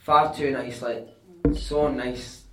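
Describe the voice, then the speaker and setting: A Scottish man telling animated, sweary anecdotes on stage at a live podcast show, often laughing as he talks. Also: medium pitch, slow pace. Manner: animated, sweary, laughing through his stories. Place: live venue with audience. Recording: echoey room, mic at a distance.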